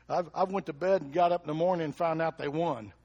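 A man preaching a lively sermon, who keeps asking the congregation questions and chuckles between points. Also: fairly high pitch, normal speed, highs cut off. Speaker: pastor.

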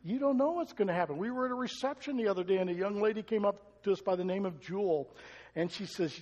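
An older man preaching a sermon, telling stories with emphatic swells and soft asides. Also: high voice, fast, long reverb tail, muffled recording. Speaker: pastor.

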